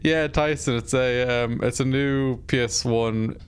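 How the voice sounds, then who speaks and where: A man's voice: medium pitch, fairly even intonation, a little slow, clear, resonant tone. A man casually chatting on a live stream while playing a game, rambling, self-deprecating and swearing offhand.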